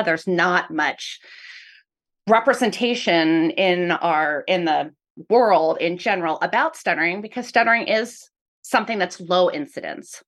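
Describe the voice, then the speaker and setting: A woman's voice: fairly low pitch, fairly bright tone. Woman academic, earnest explainer in an interview. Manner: earnest, explanatory, repeats "really" often. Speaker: professor of speech-language pathology. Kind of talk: interview answers.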